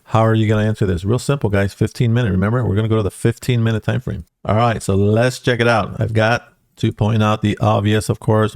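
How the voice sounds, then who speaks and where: A man's voice: fairly low pitch, creaky, a little mellow, no room sound, studio quality. A man talking casually through stock charts as a trading educator, tagging lines with "okay" and "guys.". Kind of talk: casual screen-share chart walkthrough.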